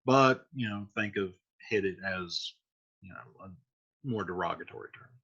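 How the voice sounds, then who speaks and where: A man explaining a play in a relaxed, chatty classroom manner, with frequent fillers. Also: low-pitched, moderate pace, slightly rough. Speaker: teacher. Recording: dull lo-fi recording.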